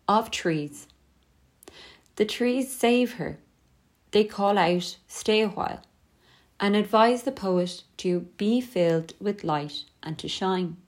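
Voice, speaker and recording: Female teacher voice, mid pitch, steady scripted lesson read, measured.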